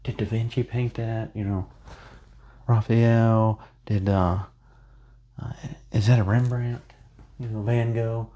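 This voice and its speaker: A man's voice: fairly low pitch, flat delivery, slow, long pauses, dark tone. A man chatting casually through a painting tutorial, rambling into self-joking asides as he works. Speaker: painting instructor.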